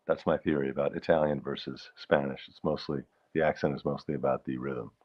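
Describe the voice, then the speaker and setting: A man's voice: rumbling low, fast talker, hardly any pauses, muffled recording. A man hosting a livestream, chatting casually and rambling while reading out comments from viewers. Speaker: livestream host.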